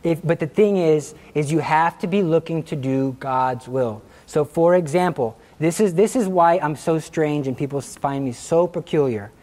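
A middle-aged man giving a lively religious talk, telling stories and laughing at his own jokes. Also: a little high, moderate pace, few pauses. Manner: animated storytelling, acting out quotes, laughing at his own jokes.

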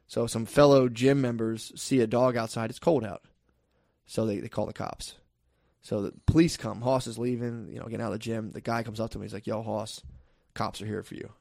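A man's voice: mid-range voice, fairly even intonation, fairly quick, gravelly, darkish tone, no room sound, studio quality. A young man in casual chat, telling a story with lots of swearing and acted-out quotes, laughing often.

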